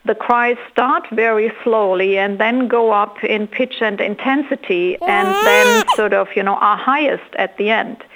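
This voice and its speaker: A woman's voice: on the high side, expressive, unhurried, few pauses, very noisy. A woman neuroscientist explaining her research in an interview, thoughtful and unscripted. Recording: dull, lo-fi interview recording.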